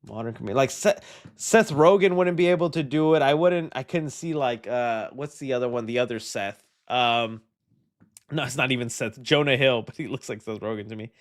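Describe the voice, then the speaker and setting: A man with a mid-range voice and moderate pace hosts a live movie news stream, chatting loosely and jokingly with viewers. He rambles, reads and answers chat, and trails off before hesitantly restarting his thoughts.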